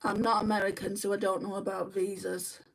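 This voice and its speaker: A woman's voice: medium pitch, level tone, a little fast, vocal fry. A young woman hosting a makeup livestream at home, chatting casually and answering viewer comments one by one. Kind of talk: casual live chat while doing makeup. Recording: voice a bit distant from the mic.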